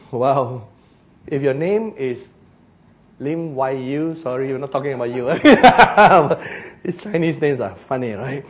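A man preaching a sermon in a Singaporean English accent. He is animated and joking, and he slows down for emphasis. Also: medium pitch.

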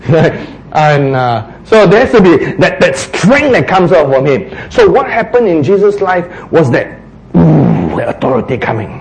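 A man preaching a sermon, acting out quotes, sometimes shouting and then dropping to a hush. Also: on the high side, a little hiss or hum, low-quality recording. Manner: animated, acts out quotes, shouts and drops to a hush.

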